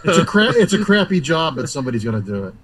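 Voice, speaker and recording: A man's voice: on the high side, big pitch swings, quick pace, a bit bright, breathy edge. A man playing a tabletop game, cracking jokes at the table. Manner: wisecracking. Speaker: player. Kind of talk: joking table chat.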